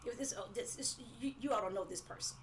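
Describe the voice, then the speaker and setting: A woman's voice: a little high, fast talker, faint music behind. A woman preaching a live-streamed sermon, emphatic and repetitive, sometimes breaking into laughing cries.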